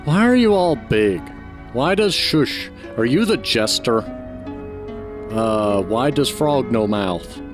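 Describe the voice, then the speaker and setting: A man's voice: mid-range voice, expressive, slow pace, music in the background. Chatty man reviewing a game. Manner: chatty, critiquing, offhand. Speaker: gaming channel host. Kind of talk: let's play commentary.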